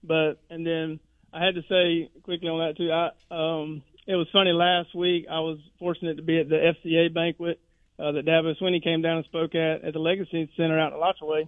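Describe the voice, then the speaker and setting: Male caller, higher voice, chatty storyteller, heard over a narrow phone line. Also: flat delivery, brisk, no echo. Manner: rambling storyteller who acts out quotes. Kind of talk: phone-in chat.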